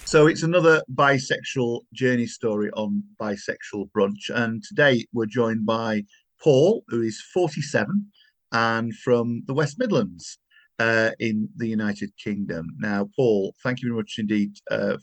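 A man's voice: lowish voice, a little slow. A man with a Yorkshire accent hosting a podcast. He often stumbles over the start of his sentences. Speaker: podcast host. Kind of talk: casual chat and show hosting.

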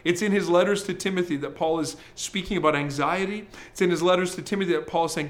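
A pastor preaching a sermon, talking to the congregation in a conversational, emphatic way. His voice sits fairly high for a man. He slows down when he reads scripture. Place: church service, streamed.

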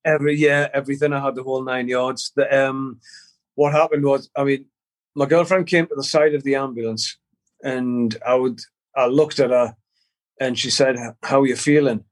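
Middle-aged male guest, stop-start storyteller, mid-pitched voice, casual swearing. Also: little pitch movement. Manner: halting, repeats words, swears casually. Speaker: guest musician.

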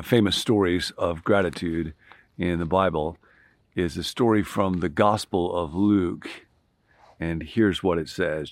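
Deep-voiced man giving an emphatic sermon. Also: dry recording, studio quality. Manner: emphatic, building repetition with rising volume. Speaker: pastor.

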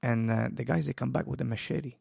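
A man telling a story in a casual interview, animated and swearing, acting out quoted lines. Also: mid-range voice, quick pace, gravelly, slightly rough, no room sound, clean studio sound. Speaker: guest, jiu-jitsu school owner.

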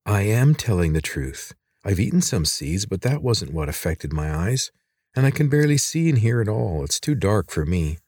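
A man's voice: on the low side, big pitch swings, moderate pace, a little mellow, breathy edge, dry recording, studio quality. A man doing a bewildered young boy. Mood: earnest, unsure. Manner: hesitant, earnest questions.

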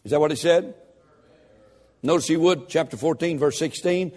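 A man preaching a sermon, fervent and building to shouted emphasis. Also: on the high side, expressive, normal speed, long pauses, slightly rough, long reverb tail.

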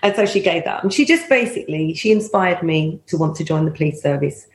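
A middle-aged woman, formerly a police officer, tells anecdotes in an interview, lively and laughing often as she acts out the voices of the people she quotes. Her voice is low-pitched and a little fast, with a roomy echo.

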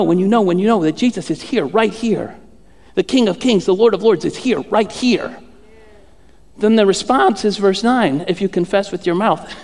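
High-voiced conversational preacher in a hall. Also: male voice. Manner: conversational, repetitive, humorous. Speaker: pastor. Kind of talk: sermon. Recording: echoey hall.

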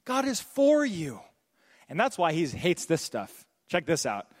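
A young man preaching a sermon as pastor, animated and joking, slipping into quick voiced asides. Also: on the high side, big-room sound.

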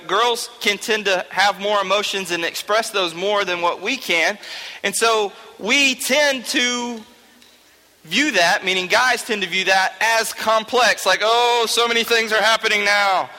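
At a moderate pace, a young man with a high-pitched, sharp voice addresses a youth group as their teacher. His informal talk is joking and chatty and often checks in with "okay?", while a large hall lends long reverb.

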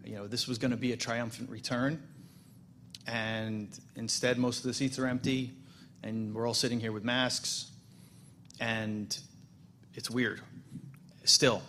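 A man's voice: mid-range voice, little pitch movement, measured pace, pauses often, bright, forceful tone, a little hiss or hum. A middle-aged man, the president of a congregation, giving a casual, storytelling welcome speech with self-deprecating humor.

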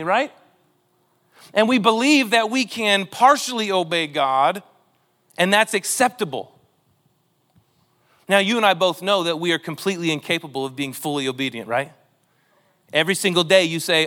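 High-voiced animated male pastor. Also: moderate pace. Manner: animated, acts out quotes in character voices. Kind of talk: sermon. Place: church.

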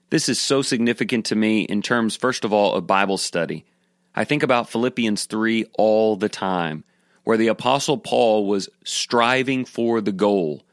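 A man teaching a devotional sermon talk, earnest and measured, telling a story to make his point. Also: lowish voice, dry recording, clean studio sound. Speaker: Bible teacher.

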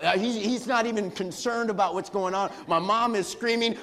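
A man's voice: high voice, moderate pace, few pauses, a crowd in the background, background noise. A middle-aged man, a pastor, telling a personal story in a sermon with laughter and acted-out quotes.

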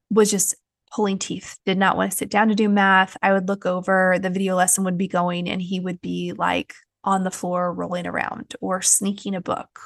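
A woman's voice: mid-range voice, vocal fry, no echo, studio quality. A woman, hosting a podcast and telling a personal story in a frank, chatty way with many fillers. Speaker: podcast host. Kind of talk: candid personal podcast talk.

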